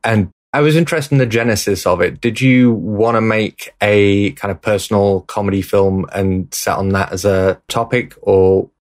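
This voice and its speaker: A man's voice: fairly low pitch, normal speed, hardly any pauses. A man co-hosting a panel podcast, dry joking and thoughtful questions. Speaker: podcast co-host. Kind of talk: casual panel chat.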